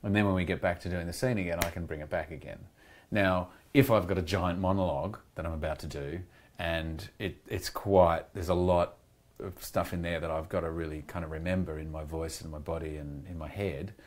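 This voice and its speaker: A low-pitched Australian man chatting as a guest on a podcast. He rambles in a candid, reflective way and thinks aloud as he goes. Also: steady tone, brisk. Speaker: guest actor. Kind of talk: casual interview chat. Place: podcast studio.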